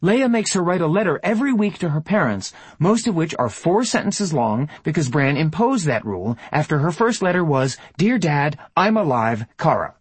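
A man's voice: on the high side, moderate pace, few pauses, breathy edge, no echo, pitched above the performer's own voice. A man doing a firm young woman. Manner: firm, steady.

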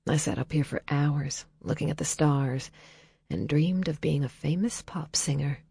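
A woman voicing a young adult pop singer who talks in a low-key, hushed, self-deprecating way, as an audiobook character. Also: a little slow, creaky, slightly rough, no room sound, studio quality, exaggerated voice. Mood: wistful.

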